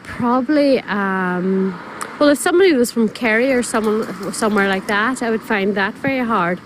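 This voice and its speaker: A woman's voice: mid-range voice, moderate pace, poor audio. A woman, answering a reporter on the street. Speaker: passer-by. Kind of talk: vox pop answer. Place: street outdoors. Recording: street noise with traffic.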